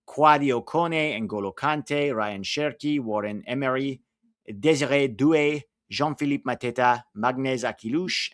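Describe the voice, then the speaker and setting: A man's voice: medium pitch, fairly bright tone, no echo, studio quality. A man with an American accent hosting a casual live watch-along, chatting with viewers and reading out team lineups and chat messages. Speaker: live stream host.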